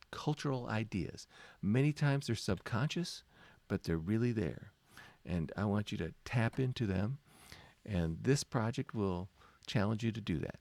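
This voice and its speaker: A man's voice: mid-range voice, vocal fry, darkish tone, no room sound. A man teaching design in a casual, chatty lecture, informal and self-deprecating, with many fillers.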